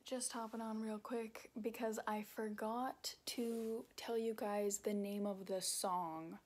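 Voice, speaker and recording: A woman's voice: fairly high pitch, fairly even intonation, takes it slowly, darkish tone, a little hiss or hum. A young woman narrating her vlog in a candid, self-deprecating way about making a single. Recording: music playing underneath.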